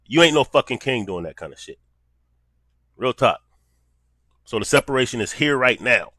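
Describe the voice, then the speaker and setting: A man's voice: mid-range voice, sing-song, moderate pace, pushed and bright, dry recording. A man giving casual commentary in blunt, profane street talk.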